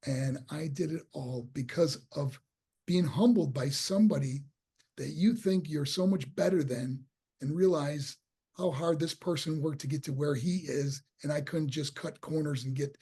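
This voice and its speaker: Gravelly husky man telling stories. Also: a little high, moderate pace. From New York State. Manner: animated storyteller who acts out quoted voices; repeats and restarts words when excited. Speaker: guest, former boxer and wrestler. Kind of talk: casual storytelling interview.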